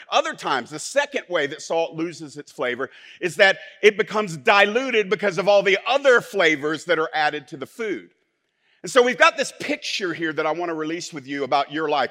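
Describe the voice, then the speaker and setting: A male pastor, preaching a sermon that swings from soft, low asides to loud, forceful declarations.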